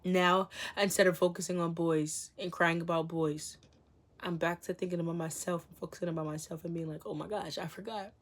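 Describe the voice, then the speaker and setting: A woman's voice: on the low side, little pitch movement, a little fast. A young woman vlogging to her viewers. She gives blunt, emphatic motivational talk, repeats her points and fires off rhetorical questions. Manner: blunt and preachy, sometimes swearing.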